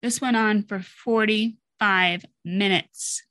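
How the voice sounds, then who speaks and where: A woman's voice: mid-range voice, steady tone, slow pace, sharp tone, no room sound. Middle-aged woman podcasting alone, blunt and sweary, close dry mic, no room sound. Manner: blunt, candid, swears freely. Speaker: podcast host. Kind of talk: personal monologue.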